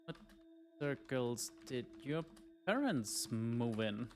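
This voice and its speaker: A man's voice: medium pitch, very animated, slight background noise. A man streaming a game live, musing aloud and laughing as he reads the answers. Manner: slow, musing, reading aloud, laughing often.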